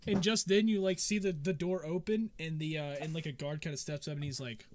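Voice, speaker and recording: Guy running a tabletop game, high bright voice, swoops around a lot, rambles. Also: brisk, hardly any pauses. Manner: loose, rambling narration with fillers. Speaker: game master.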